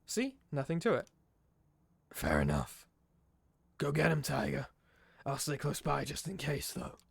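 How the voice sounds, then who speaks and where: A man voicing a gruff, streetwise male vampire informant with a gravelly voice. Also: mid-range voice, huge pitch swings, a little slow, no room sound, full character voice.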